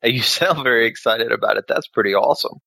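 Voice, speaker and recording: A man's voice: mid-range voice, quick pace, creaky, pushed and bright, husky, dry recording. A man hosting a podcast, talking in a friendly, conversational way. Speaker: podcast host. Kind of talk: casual podcast chat.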